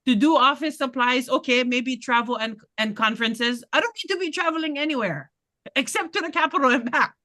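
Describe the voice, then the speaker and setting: Woman, higher voice, bright and forceful tone, blunt, passionate, community meeting. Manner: passionate, blunt, laughing asides. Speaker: political candidate.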